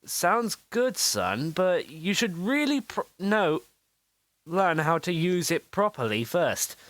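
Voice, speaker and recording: A performer voicing a calm, sensible father who talks in halting restarts. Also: fairly low pitch. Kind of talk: homemade storybook voice acting.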